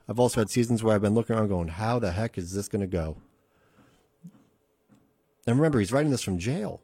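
In a radio studio with no echo, a man with a lowish, slightly mellow voice hosts a radio podcast. He preaches in an earnest, conversational way, a casual sermon in which he repeats phrases for emphasis.

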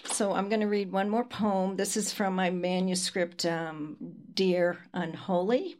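A woman reading her own poems aloud at a reading, in a slow, measured recitation. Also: mid-range voice, level tone, a little mellow. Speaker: poet. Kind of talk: poetry reading.

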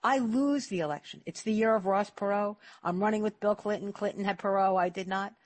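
An older woman hosting a radio talk show, telling stories in a lively, emphatic way with repeated words. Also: medium pitch, fairly quick. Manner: animated storytelling, emphatic repetitions. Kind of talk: casual talk radio chat.

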